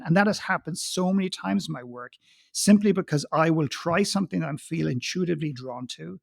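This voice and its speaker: A man's voice: fairly high pitch, brisk, creaky, a little mellow, no room sound, clean studio sound. A man speaking as a guest coach on a podcast, talking emphatically and telling stories with acted-out quotes. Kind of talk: conversational podcast interview.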